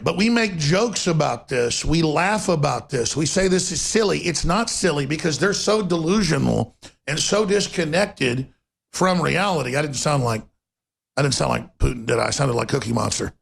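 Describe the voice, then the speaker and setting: A man hosting a political talk radio show, delivering an emphatic, sarcastic monologue with bursts of rapid speech. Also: on the high side, expressive, vocal fry, husky.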